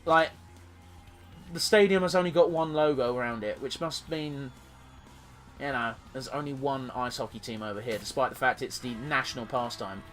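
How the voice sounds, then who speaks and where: A man's voice: medium pitch, moderate pace, a bit bright, soft background music. A man giving rambling, jokey, sweary commentary as he plays a video game. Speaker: let's play host. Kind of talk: gameplay commentary.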